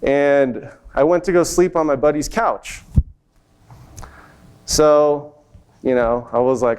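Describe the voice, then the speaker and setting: A young man speaking to an event audience in a slightly high, smooth and resonant voice. He tells his own story with animated energy and slips into the voices of the people he quotes. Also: takes it slowly, pauses often. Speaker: conference speaker. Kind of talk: personal success story told on stage. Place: event stage before an audience.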